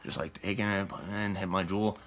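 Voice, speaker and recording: A young man in his twenties, a podcast guest telling a candid personal story in a loose, rapid way, acting out what others said. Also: sits low, steady tone, a bit bright. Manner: rapid, loose storytelling full of "like" and acted-out quotes.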